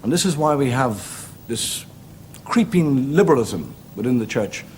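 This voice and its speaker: A man's voice: sing-song, normal speed, a little mellow. A middle-aged man with an Irish accent, telling stand-up stories with wry, lilting timing. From Ireland. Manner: lilting, wry, rising pitch in the punchlines. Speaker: stand-up comedian. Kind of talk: stand-up storytelling. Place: television studio with audience. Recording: noisy 1970s TV broadcast.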